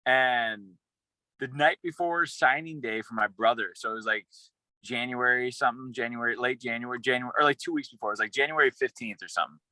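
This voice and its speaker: Young man, bright forceful voice, rambling excited storytelling, dry close sound. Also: medium pitch, brisk, dry recording, poor audio. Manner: rambling, excited, with many restarts and fillers. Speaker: former college football player, radio personality. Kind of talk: casual storytelling interview.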